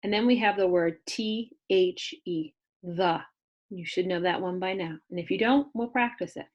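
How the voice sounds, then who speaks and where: Young female kindergarten teacher, video phonics lesson, slow, exaggerated letter sounds. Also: fairly low pitch, highs cut off.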